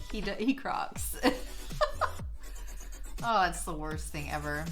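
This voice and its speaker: A young woman streaming while she draws, gushing excitably, swearing a lot, laughing often and trailing off mid-sentence. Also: mid-range voice, slow pace, long pauses, soft background music. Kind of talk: casual live-stream chat while drawing.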